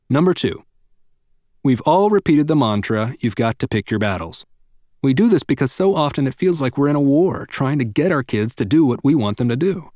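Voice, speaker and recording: Lively, earnest man narrating. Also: mid-range voice, dry recording, clean studio sound. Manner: earnest, measured, addresses the listener directly. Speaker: audiobook narrator of a parenting book. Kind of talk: scripted nonfiction narration.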